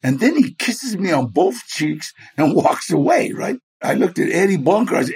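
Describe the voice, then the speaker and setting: A man with a high, sing-song voice, a darkish tone, and a breathy edge speaks at a moderate pace with few pauses. He's an interview guest telling animated stories, acting out the people he quotes and laughing frequently.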